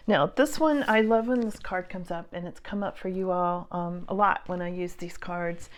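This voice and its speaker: A woman giving a casual tarot reading to camera, earnest and halting, with many fillers and frequent drops into hushed whispers. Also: mid-range voice, fairly even intonation. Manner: emotional, speaks of feeling things strongly. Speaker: psychic tarot reader.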